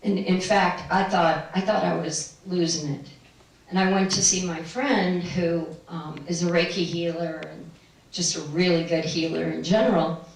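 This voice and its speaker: A woman's voice: lowish voice, fairly even intonation, normal speed, vocal fry. Middle-aged woman, spiritual speaker, rambling talk full of laughs, far off the mic in a very echoey room. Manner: meandering, laughing often. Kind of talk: personal storytelling talk to a live audience. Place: room with an audience.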